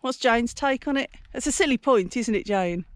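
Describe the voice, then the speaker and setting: A woman's voice: a little high, expressive, normal speed, no room sound. A woman from Dudley, chatting and joking while cycling outdoors on open moorland. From Dudley, England. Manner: jokey, chatty banter. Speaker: cycling club vlogger. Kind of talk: casual chat while cycling.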